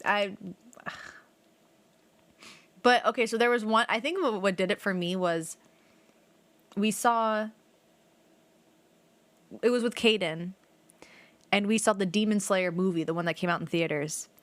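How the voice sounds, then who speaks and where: A woman's voice: medium pitch, measured pace, long pauses, dry recording. A young woman streaming a video game, rambling through casual stories with lots of "like" and the odd swear. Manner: rambling, animated storytelling with frequent "like" and swearing. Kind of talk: casual let's play chat.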